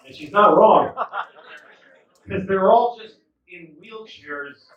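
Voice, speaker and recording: A man in his fifties doing a stand-up set, telling stories in a lively way with acted-out quotes. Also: high voice, slow pace, dull audio. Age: 50s. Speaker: stand-up comedian. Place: indoor comedy club. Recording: echoey club, distant mic, noisy.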